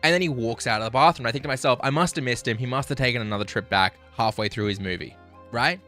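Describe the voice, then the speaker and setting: Australian male streamer, bright forceful voice, crude animated storytelling, soft music underneath. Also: medium pitch, quick pace. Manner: animated, crude, self-mocking. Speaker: livestreamer. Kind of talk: casual storytelling to stream chat.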